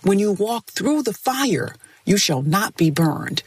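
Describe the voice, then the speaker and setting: A woman reading a scripted devotional in a slow, soothing, measured way. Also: deep voice, animated, far from the mic, faint music behind. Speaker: devotional segment narrator.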